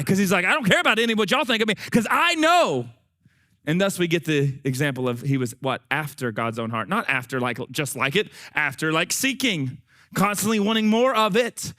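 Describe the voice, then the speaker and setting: A man preaching a sermon in a high, bright, forceful voice. He is folksy and animated and keeps turning to his congregation. His voice is going hoarse and he is short of breath.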